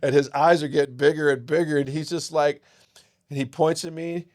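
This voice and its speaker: A man's voice: a little high, fairly even intonation, brisk, darkish tone. A boisterous man, a podcast guest, telling a long personal story in casual chat. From Seattle area.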